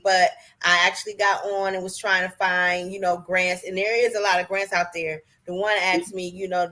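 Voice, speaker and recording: A woman's voice: fairly low pitch, bright, forceful tone. A woman guest on a casual podcast, talking earnestly and rambling with many fillers.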